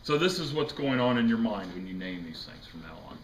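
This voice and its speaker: A man's voice: lowish voice, big pitch swings, fairly quick. A man teaching a chemistry class, lecturing casually, joking and quizzing his students. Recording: echoey classroom with faint noise.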